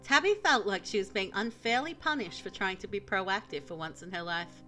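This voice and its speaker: A woman streamer narrating a visual novel aloud in an expressive, dramatic storytelling manner. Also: mid-range voice, normal speed, soft background music.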